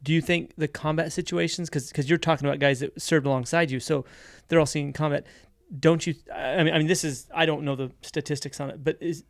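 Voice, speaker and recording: A man co-hosting a podcast who asks rapid, hesitant questions in casual chat. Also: on the high side, fairly even intonation, no echo, clean studio sound. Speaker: podcast co-host.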